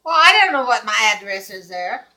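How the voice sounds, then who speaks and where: An older woman telling a lively personal story, laughing often and acting out the people in it. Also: mid-range voice, brisk, low-quality recording. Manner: acts out quoted dialogue. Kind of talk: casual anecdote.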